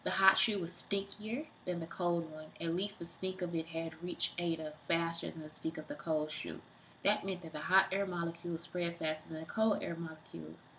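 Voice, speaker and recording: A woman reading a children's book aloud, doing sound effects and stopping for excited asides to young listeners. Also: on the low side, moderate pace, a little hiss or hum, low-quality recording.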